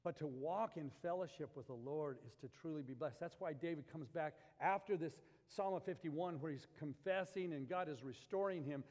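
A male pastor with a somewhat high voice preaches in a church, his words ringing with long hall reverb. He moves between scripture and folksy, rambling personal stories told in an easygoing storyteller's manner. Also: normal speed, hardly any pauses, darkish tone. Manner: folksy, storytelling with homey asides. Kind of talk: sermon.

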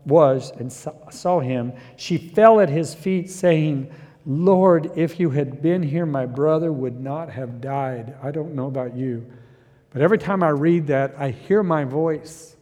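A middle-aged pastor with a high voice preaches in a sanctuary with a long reverb. He reads scripture quietly, then climbs into loud, fervent preaching. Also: measured pace. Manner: builds from quiet reflection to loud impassioned preaching. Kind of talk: sermon.

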